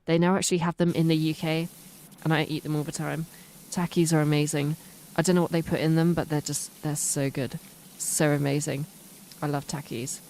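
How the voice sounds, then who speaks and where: A woman's voice: low-pitched, flat delivery, brisk, darkish tone, slight background noise. A British woman streaming a game, chatting casually in rambling, self-mocking tangents. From United Kingdom. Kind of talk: casual chat while playing a game.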